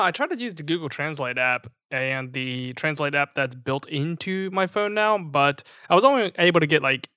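A man's voice: on the high side, pushed and bright, no echo, clean studio sound. A man co-hosting a podcast, telling jokey stories in casual chat. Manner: jokey storyteller, acts out voices in anecdotes. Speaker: podcast co-host.

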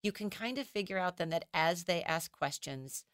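A woman who teaches children's ministry, explaining child development as a guest in a podcast interview, animated and acting out how children talk. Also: lowish voice, moderate pace, smooth, no room sound, studio quality. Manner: animated, acts out children's voices.

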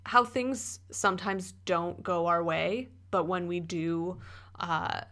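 A woman with a slightly low voice co-hosts a casual podcast. She talks in an easy, conversational way and fills her pauses with ums and likes. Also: fairly bright tone. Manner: conversational, with frequent fillers. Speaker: podcast co-host. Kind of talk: casual chat.

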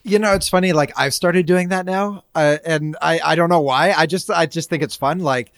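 Wry man with a slightly high voice. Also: normal speed, clear, resonant tone, dry recording, clean studio sound. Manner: wry, playful complaining. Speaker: podcast co-host. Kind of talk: casual chat.

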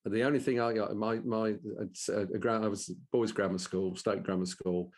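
An older man with a Birmingham and Black Country accent, a guest telling stories in a casual interview in an animated way, repeating his words. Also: moderate pace. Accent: Birmingham and Black Country English. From English Midlands. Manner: animated, repeats words, jumps up in pitch for quoted voices. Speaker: guest, professional speaker.

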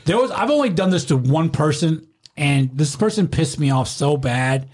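A man's voice: a little high, moderate pace, slightly rough. A man telling rowdy stories about working a bar door, acting out the voices and laughing often. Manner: animated storyteller, acts out quotes, swears a lot, laughs often. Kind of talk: casual chat.

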